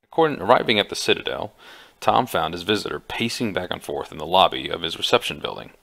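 A man reading an adventure book aloud with small slips, in a gravelly voice. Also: low-pitched, animated, quick pace, fairly bright tone. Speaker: audiobook reader. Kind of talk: amateur audiobook reading.

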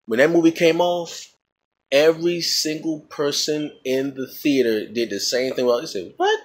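This is a man with a husky, mid-pitched voice giving an indignant, rambling movie rant. He repeats words and restarts his sentences as he goes. He stresses his disgust emphatically. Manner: rambling, with many restarts and repetitions. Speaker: vlogger reviewing a movie. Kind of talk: casual movie rant to camera.

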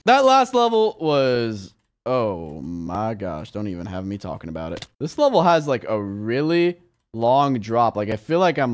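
A young man giving casual gameplay commentary as a video game creator, excitable and quick to burst into shouts and exclamations. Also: mid-range voice. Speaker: gaming YouTuber.

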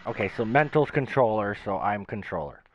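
A man hosting a gaming channel, chatting casually and telling rambling, animated stories. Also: fairly low pitch, fairly quick, a little hiss or hum. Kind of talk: casual chat while gaming. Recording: dull lo-fi voice chat.

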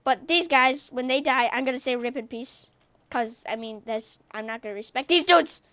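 A woman giving excited gaming commentary as a YouTuber, trash-talking playfully with loud outbursts. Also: sits high, moderate pace, dry recording.

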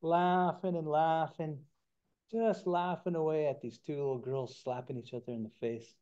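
Relaxed male storyteller at a lecture. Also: fairly high pitch, normal speed, lo-fi sound. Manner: relaxed, conversational, acts out the characters. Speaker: guest speaker.

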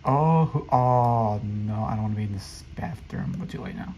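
A young man giving excitable commentary over his own gameplay as a channel host, often jumping into squeaky teasing voices. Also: fairly quick, slight background noise, low-quality recording.

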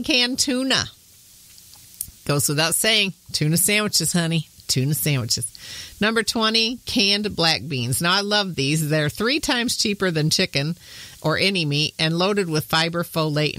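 A woman's voice: lowish voice, pushed and bright, no room sound. A woman in her thirties from Michigan with a Midwestern accent touched by Southern speech, a podcast host chatting in a homey way and laughing often. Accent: Midwestern American with some Southern. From Michigan, USA. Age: 30s. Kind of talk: casual talk.

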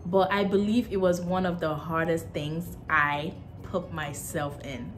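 A woman with a Nigerian accent chatting casually to camera as a vlogger, animated, with lots of fillers and emphatic jumps in pitch. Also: a little slow, faint music behind.

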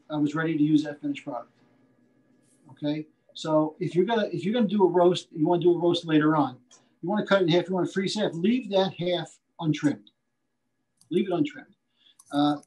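A man's voice: on the high side, a little mellow, low-quality recording. A man giving a live butchery demonstration, folksy and repetitive, punching key points and checking in with "okay?". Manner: folksy, repeats himself, asks "okay?" often. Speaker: butcher instructor.

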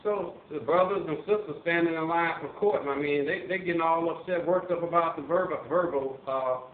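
An older man, a retired police officer from Missouri, telling stories in a halting casual way with many fillers and restarts. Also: a little high, a little hiss or hum. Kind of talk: casual storytelling monologue. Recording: tinny phone-like line, roomy echo.

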